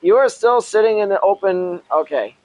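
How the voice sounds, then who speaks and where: A man with a notably high voice reads a story aloud, breaking off for casual asides to his listeners. He chuckles often and stops to correct himself. The sound is close and dry, from a home setup. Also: expressive, moderate pace, a little mellow, no echo, rough recording.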